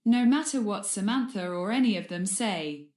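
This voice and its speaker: A woman's voice: mid-range voice, expressive, moderate pace, darkish tone, lightly acted. Woman reading as a sneering cold wizard teacher, mean and icy, roomy sound. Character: cold, malicious male wizard professor. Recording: roomy echo.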